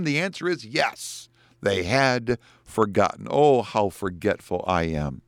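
Male pastor, sermon, very lively pitch, dry close sound, middle-aged. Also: no echo. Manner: animated preaching, rises high when quoting scripture.

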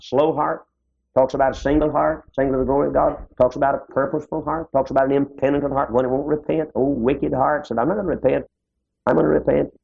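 A man preaching a sermon in a folksy way, his pitch rising and dropping suddenly. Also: creaky, darkish tone, slightly rough. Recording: dull lo-fi old sermon tape.

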